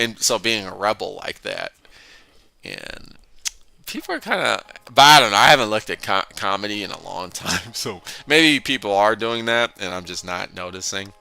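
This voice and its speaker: Gravelly, forceful-voiced male host. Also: fairly low pitch, lively intonation, normal speed, no echo. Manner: rambling, laughs often between points, frequent restarts. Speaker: host of a philosophy discussion channel. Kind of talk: casual conversational monologue.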